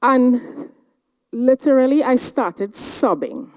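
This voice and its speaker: A woman giving a motivational seminar talk, telling a personal story in a dramatic, animated way. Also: sits high, slow. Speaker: seminar speaker.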